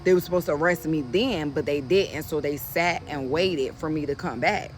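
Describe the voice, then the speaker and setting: A woman, talking casually to her viewers about what happened to her, animated and indignant, calling them y'all. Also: sits low, normal speed, slight background noise. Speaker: vlogger. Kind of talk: casual storytime to camera. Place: outdoors.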